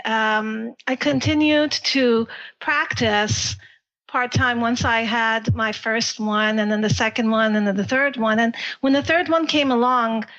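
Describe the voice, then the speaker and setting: A woman doctor speaks as a radio guest in a slow, reflective way with a fairly high voice. Her speech is measured and thoughtful. The broadcast audio is a little dull. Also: a bit bright. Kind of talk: talk radio interview.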